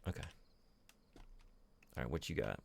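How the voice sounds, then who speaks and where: While gaming on a live stream, a chatty man reads and responds to his chat and makes self-deprecating jokes. He talks at normal speed over slight background noise.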